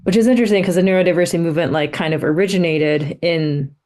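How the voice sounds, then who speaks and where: A woman's voice: fairly low pitch, fast talker, darkish tone. A young woman researcher being interviewed, talking thoughtfully and tentatively, with frequent "like". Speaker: researcher guest. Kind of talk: conversational interview.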